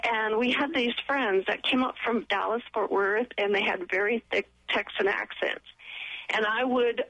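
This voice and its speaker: A woman's voice: on the high side, normal speed, a bit bright, no room sound, low-quality recording. A woman chatting casually, telling a personal anecdote. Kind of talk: casual chat, storytelling.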